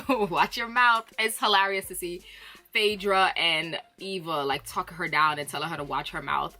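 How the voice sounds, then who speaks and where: A woman with a fairly low-pitched yet bright, forward voice talks through a reality show recap. She is chatty and animated, drops playful slang and laughs easily between thoughts. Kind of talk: casual recap chat.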